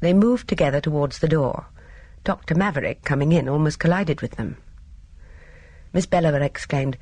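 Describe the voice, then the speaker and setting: An audiobook reader doing steady, measured narration of a mystery novel on a close studio mic. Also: medium pitch, breathy edge, no room sound. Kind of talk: scripted narration.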